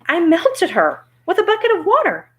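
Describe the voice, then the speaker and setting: A woman's voice: very high voice, huge pitch swings, normal speed, voice pushed up, full character voice. A woman voicing an earnest young girl who insists on a promise being kept. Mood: insistent.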